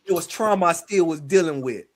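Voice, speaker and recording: A middle-aged man with a fairly high voice tells a personal story as a podcast guest. His delivery is animated, and he keeps slipping into the voices of the people he quotes. He sounds like a storyteller who is caught up in his own telling. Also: brisk. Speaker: guest, spiritual practitioner.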